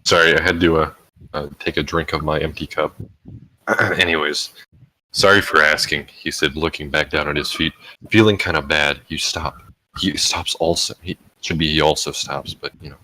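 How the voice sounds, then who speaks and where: Very deep-voiced man reading a story aloud. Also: level tone, normal speed, sharp tone, poor audio. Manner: offhand, jokey asides. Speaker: host reading fan fiction aloud. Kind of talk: comedic read-aloud.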